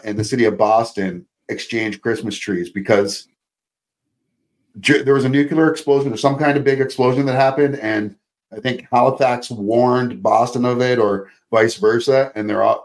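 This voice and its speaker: A man's voice: mid-range voice, normal speed. A Canadian man, an actor appearing as a podcast guest, chatting casually and animatedly while swearing freely. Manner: animated storyteller, swears casually, puts on accents. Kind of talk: casual chat.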